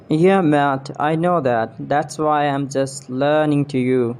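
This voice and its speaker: A man acting out a scripted English lesson dialogue, drilling pronunciation slowly and deliberately, one word at a time with repetitions. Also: a little high, fairly even intonation, a little mellow. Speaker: pronunciation teacher.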